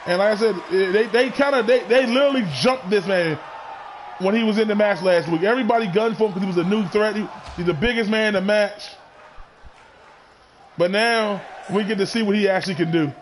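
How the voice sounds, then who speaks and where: A man with a very high voice calls a wrestling match play by play, loud and excitable, often shouting and tripping over his words. A faint crowd murmurs behind him. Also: brisk, a little hiss or hum. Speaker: wrestling commentator. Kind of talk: play-by-play commentary.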